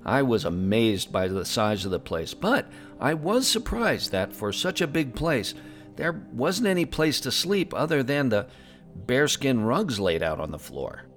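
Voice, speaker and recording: A man's voice: medium pitch, sing-song, a little slow, faint music behind. Man playing a cheerful young Pandaren host. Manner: upbeat, folksy, bashful. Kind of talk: in-character tavern review podcast.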